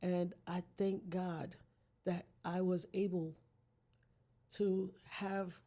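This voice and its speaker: A woman's voice: fairly low pitch, little pitch movement, extremely slow, mellow. A middle-aged woman, a podcast guest, talking earnestly and emphatically about her life, with a preacher-like manner. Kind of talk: heartfelt personal conversation.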